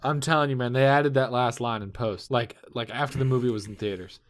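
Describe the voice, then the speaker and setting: A man's voice: mid-range voice, fairly even intonation, a little fast. Joking man co-hosting a podcast. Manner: joking, argumentative, laughs often. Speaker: podcast co-host. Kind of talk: casual chat.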